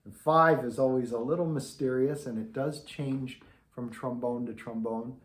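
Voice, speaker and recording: A man's voice: mid-range voice, steady tone, normal speed. A man teaching beginner trombone in an easygoing, conversational way, demonstrating as he explains. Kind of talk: relaxed instructional talk to camera. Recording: echoey room.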